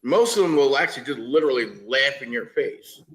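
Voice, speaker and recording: A man's voice: medium pitch, lively intonation, brisk, fairly bright tone, low-quality recording. A man, talking in a casual chat, ranting and often stopping to restart his sentences. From New York, the Bronx.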